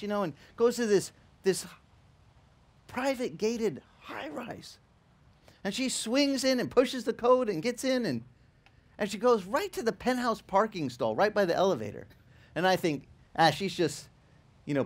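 A male pastor telling a lively story in a sermon, acting out the people in it and laughing as he goes. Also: high voice. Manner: animated, acts out quoted voices, laughs while telling. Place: church in Hawaii.

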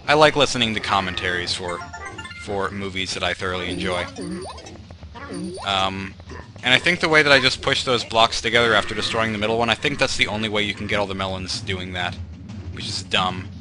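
A young man doing let's play commentary rambles over his gameplay in a self-deprecating way, full of fillers and tangents. His voice is fairly low and his pace brisk. Game music plays in the background.

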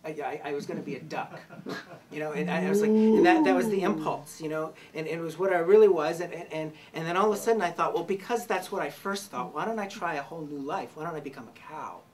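A woman's voice: low-pitched, quick pace. A woman telling a rambling personal story to a group, laughing and restarting often. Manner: animated, laughing, many restarts. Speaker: workshop participant telling a story. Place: room with a group. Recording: distant mic with a crowd in the room.

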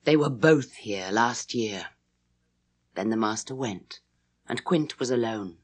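A woman voicing an anxious older housekeeper who speaks in hushed, halting questions. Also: a bass voice, expressive, breathy edge, pitched below the performer's own voice, heavily acted. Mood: grave. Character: anxious older female housekeeper, plain and fearful.

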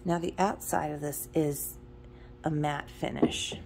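A woman's voice: deep voice, steady tone, takes it slowly, creaky, darkish tone. Chatty middle-aged woman touring a shop. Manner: chatty, rambling asides between price callouts. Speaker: antique shop owner giving a tour. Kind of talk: casual walkthrough vlog. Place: antique shop indoors.

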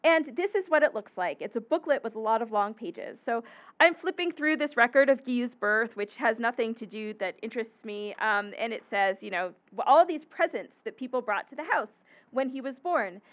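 A woman with a high voice lectures on her historical research, explaining patiently and now and then pausing on an um or correcting herself. The recording is somewhat muffled and dull, like a talk captured in a lecture hall. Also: lively intonation. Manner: explanatory, occasional ums and self-corrections. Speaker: historian giving a book talk. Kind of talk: academic lecture with slides.

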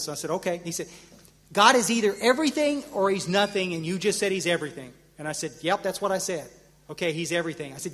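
A middle-aged man with a fairly high voice, telling a long personal story to a convention crowd. He stammers through restarts, jumps up sharply for the punchlines and sinks low for the quiet moments. The voice is caught with a long hall reverb. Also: a little fast. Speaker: AA convention speaker. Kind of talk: personal recovery story told to an audience.

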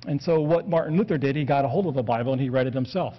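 A man's voice: medium pitch, very fast. Earnest preaching man, lo-fi recording. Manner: earnest, steady preaching with scripture quotes. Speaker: pastor. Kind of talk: sermon. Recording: dull lo-fi recording.

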